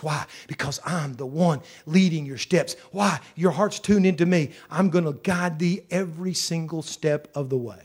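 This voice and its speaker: A man with a high voice preaches a sermon. He drives his points home by repeating phrases. He drops to a hush, then climbs back up to a loud pitch. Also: moderate pace, hardly any pauses. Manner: emphatic, repeats phrases, swings loud and soft.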